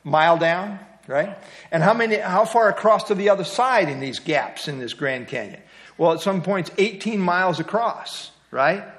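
A middle-aged man leads an evening Bible study conversationally, posing questions to the group. His voice is high-pitched, expressive and fairly bright, at a moderate pace.

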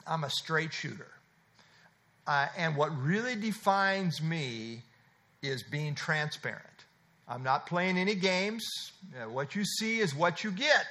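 A man's voice: fairly high pitch, lively intonation, takes it slowly, sharp tone. A man preaching a sermon, explaining scripture verse by verse with repeated emphatic phrases and frequent uh fillers. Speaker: pastor.

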